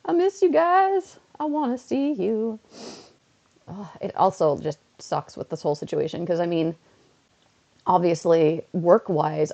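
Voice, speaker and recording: A young woman rambling on a casual home livestream, with a low, gravelly voice and a dark, mellow tone. She sounds a bit under the weather and chats on while she plays. The audio is dull and lo-fi. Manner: chatty and rambling, playing a phone game. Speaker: streamer. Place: indoors at home. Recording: dull lo-fi mic.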